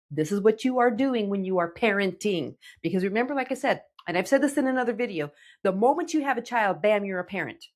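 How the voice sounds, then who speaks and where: A middle-aged woman, a teen relationship coach, giving emphatic direct-to-camera advice to parents and checking in with "okay?". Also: medium pitch. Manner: animated, emphatic, checks in with 'okay?'.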